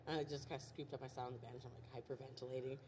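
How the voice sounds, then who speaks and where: A woman tells a long, rambling story at a quick clip. She laughs as she goes and talks over friends. Steady background noise sits under her voice. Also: a bass voice. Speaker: friend chatting. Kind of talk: casual chat.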